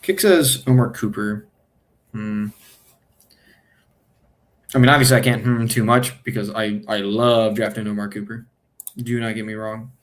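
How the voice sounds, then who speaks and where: A man with a fairly low voice talks through his picks as a streamer. His delivery is casual and unscripted. He second-guesses himself, trails off and corrects himself mid-sentence. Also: fairly even intonation, measured pace, pauses often. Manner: muses aloud, hesitant and self-correcting. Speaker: fantasy football streamer. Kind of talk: casual think-aloud draft commentary.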